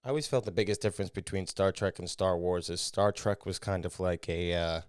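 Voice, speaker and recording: Guy comedian rambling on his podcast, kinda low smooth voice, crude jokes, dry close mic. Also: fairly even intonation, a little fast, no room sound. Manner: rambling, crude, self-mocking. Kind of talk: casual podcast monologue. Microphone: studio podcast mic.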